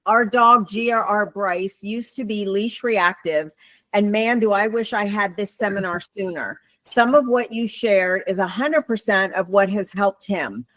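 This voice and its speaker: Woman, webinar moderator, reading questions aloud, steady, dry sound. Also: mid-range voice, unhurried, no echo.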